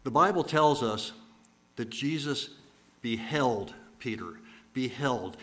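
A male preacher with a mid-pitched voice tells stories as a sermon. He builds with rhetorical repetition and swings between loud bursts and hushed, slowed lines. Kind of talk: dramatic sermon storytelling.

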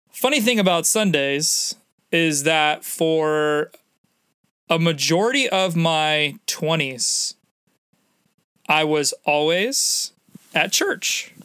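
Upbeat man hosting a solo podcast, bright voice. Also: a little high, clear, resonant tone, no echo, clean studio sound. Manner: upbeat, conversational, uses slang. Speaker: podcast host. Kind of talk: casual solo podcast talk.

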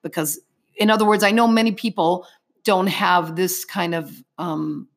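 A woman's voice: on the low side, fairly even intonation, a little slow. A middle-aged woman giving an earnest personal faith testimony as an interview guest, telling her story vividly in the present tense.

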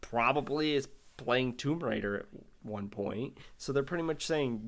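A man's voice: mid-range voice, animated, a little slow, a bit bright. A man in casual chat, ranting crudely and mockingly about a movie. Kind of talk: casual profane movie rant.

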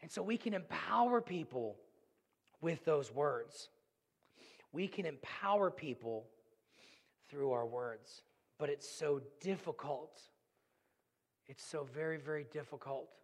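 Man, pastor, sermon, earnest, high voice, long hall reverb. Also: gravelly. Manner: earnest, storytelling, swings between loud and hushed.

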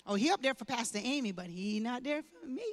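An older woman pastor delivering a sermon, moving from conversational teaching to loud, impassioned preaching. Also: fairly high pitch, lively intonation, brisk, long reverb tail. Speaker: guest pastor.

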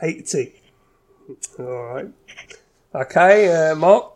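A man's voice: a little high, animated, takes it slowly, a little mellow. A man hosting a casual quiz chat with friends, joking and teasing as he reads out scores. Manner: jokey, laughing, teasing quiz host. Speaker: host.

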